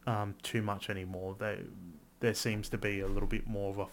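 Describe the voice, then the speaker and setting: A man co-hosting a podcast in casual chat, animated and quick to swear, his voice jumping up when he gets excited. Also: on the low side, slight background noise. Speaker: podcast co-host.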